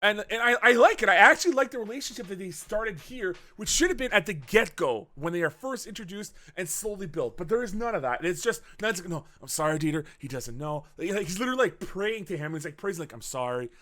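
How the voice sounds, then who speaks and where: Animated, bright-voiced man reviewing a movie. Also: sits high. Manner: animated, swears often, acts out scenes with quick voice changes. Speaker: podcast co-host. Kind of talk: casual movie review chat.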